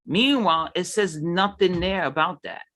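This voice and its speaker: Bright-voiced New man ranting. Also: high-pitched, moderate pace. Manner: heated ranting, mimics others. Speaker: podcast co-host. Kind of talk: casual chat.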